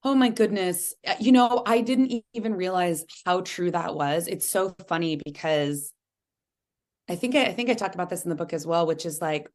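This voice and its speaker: A woman in her thirties, an author talking candidly as an interview guest, animated and chatty, full of "like"s. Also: on the low side, normal speed. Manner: animated, chatty, many "like"s, playful voice impressions.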